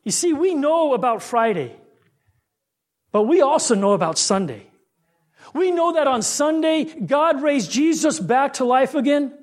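A man preaching a sermon with rhythmic refrains, building intensity and dropping low on key lines. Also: expressive, a little slow.

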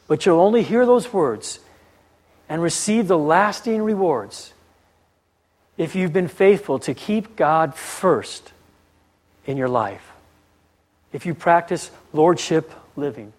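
A man's voice: high voice, animated, unhurried, long pauses, a little mellow. A man preaching a sermon, pressing the listeners with repeated rhetorical questions and telling a story.

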